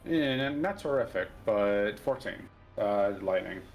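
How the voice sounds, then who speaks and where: A man's voice: lowish voice, animated, measured pace, faint music behind. A man playing in a tabletop game, laid-back and playful as he takes his turn. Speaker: player.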